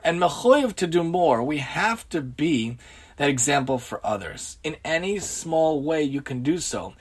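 A man's voice: a little high, slightly rough. A man giving an earnest religious lecture on daily conduct, asking rhetorical questions and mixing in Hebrew and Yiddish terms. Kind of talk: Torah lecture on everyday conduct.

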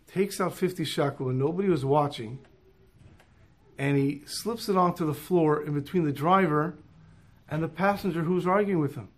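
A man telling a moral story in an animated way, dropping in Hebrew and Yiddish terms. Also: on the high side.

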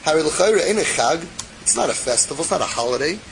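A man's voice: fairly high pitch, expressive, a little slow, background noise. A man teaching a religious text class who reads passages aloud and explains them in casual English, asking his students questions. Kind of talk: text study class, reading and translating.

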